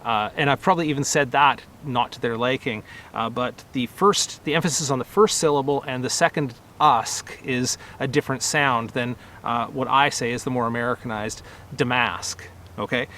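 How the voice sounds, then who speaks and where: A middle-aged man speaks casually outdoors in a medium voice, relaxed and conversational. He pauses on fillers and corrects himself as he goes. Faint traffic hums behind him. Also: medium pitch. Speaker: rose nursery grower and channel host. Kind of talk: casual talk to camera.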